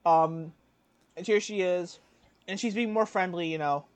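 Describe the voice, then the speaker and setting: A young man co-hosting a podcast, telling a workplace story in casual chat, lively and acting out what others said. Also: sits high, unhurried, dry recording. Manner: animated, acts out quoted voices, laughs often. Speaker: podcast co-host.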